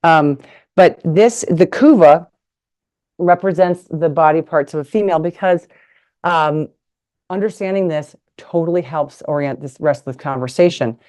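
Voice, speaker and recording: A middle-aged woman with a low, mellow voice gives a live talk over a video call. She is frank and playful, joking her way through a lesson with props on the table. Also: moderate pace. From United States. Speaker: retired nurse and sex ed teacher giving a talk. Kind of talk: live online presentation with props. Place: indoors at a table.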